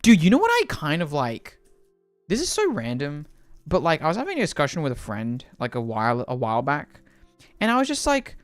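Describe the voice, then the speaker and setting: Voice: mid-range voice, fairly quick, no room sound, soft background music. A livestreamer chatting casually while playing a game, rambling with many fillers and restarts. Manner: rambling, filler-heavy, animated.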